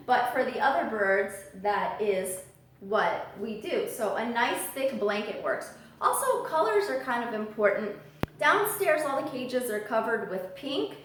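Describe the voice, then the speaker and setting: A chatty woman with a fairly high voice talks through casual vlog tips in an animated way. She now and then jumps into high squeals to copy her birds. The sound is roomy and echoey, as if she stands some way from the microphone. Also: far from the mic, a little hiss or hum. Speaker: parrot vlogger. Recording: roomy echo, voice from off the mic.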